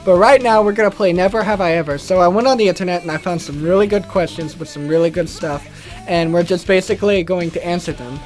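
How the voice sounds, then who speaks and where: Young guy w/ a high voice rambling thru a story, cussing a lot, faint guitar music behind. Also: fast talker. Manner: rambling, animated, swears freely. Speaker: gaming channel host. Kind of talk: casual storytelling chat.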